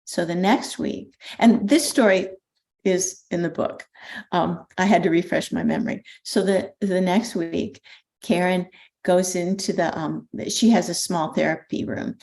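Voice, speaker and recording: A woman's voice: on the low side, unhurried. Older woman telling a story animatedly. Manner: animated storyteller, frequent ums and restarts. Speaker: spiritual teacher. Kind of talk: storytelling talk.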